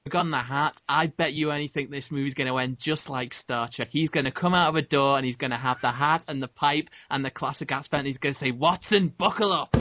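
A man's voice: mid-range voice, steady tone, fast talker, few pauses, pushed and bright, no echo. A man co-hosting a casual movie chat, who thinks aloud and hedges his opinions. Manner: hedging, thinks aloud, full of restarts. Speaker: podcast co-host. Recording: dry, dull lo-fi sound.

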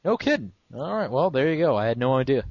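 A man co-hosting a casual movie chat, putting in quick, quizzical questions and asides. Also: mid-range voice, big pitch swings, darkish tone, no room sound. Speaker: podcast co-host. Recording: dry, dull lo-fi sound.

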